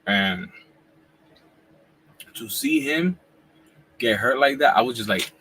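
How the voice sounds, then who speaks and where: A man in his forties hosting a casual live wrestling reaction chat at home, talking in relaxed slang while he eats. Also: medium pitch, slow, slight background noise, poor audio. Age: 40s. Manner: laid-back slangy talk, eating while talking. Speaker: wrestling YouTuber host.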